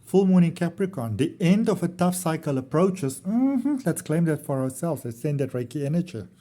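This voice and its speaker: A man's voice: fairly high pitch, very animated, moderate pace, warm tone. A man, giving a casual tarot reading on his channel in a chatty, rambling, affectionate way. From South Africa. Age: early 40s. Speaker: tarot reader.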